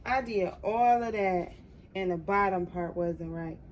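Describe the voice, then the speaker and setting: A woman's voice: fairly low pitch, measured pace, slight background noise, rough recording. A young adult woman chatting casually to her viewers while working on a craft project, reacting openly as she goes. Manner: chatty, talks to viewers as "y'all", emotional reactions. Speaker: crafting vlogger.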